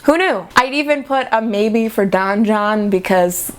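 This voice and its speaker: Young woman, vlogger, casual rant, sarcastic, dramatic, pitch often leaping up, middle-pitched voice. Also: measured pace. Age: young adult. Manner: animated, with sudden jumps in pitch.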